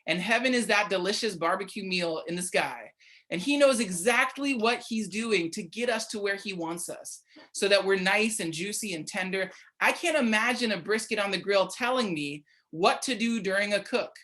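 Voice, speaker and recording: A woman's voice: medium pitch, lively intonation, normal speed, fairly bright tone. A young woman giving a casual, conversational midweek sermon, often checking in with her listeners by asking "right?". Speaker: church speaker.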